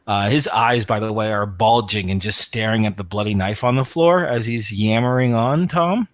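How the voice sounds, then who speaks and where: A man's voice: lowish voice, normal speed, no echo. A man narrating a tabletop game as game master, rambling with many fillers.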